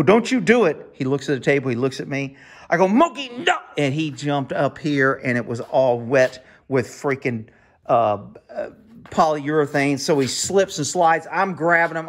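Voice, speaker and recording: A man's voice: fairly high pitch, fairly bright tone. A man vlogging casually about his projects and his cat, rambling and profane. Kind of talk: casual chat. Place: outdoors by a yard and cat shack.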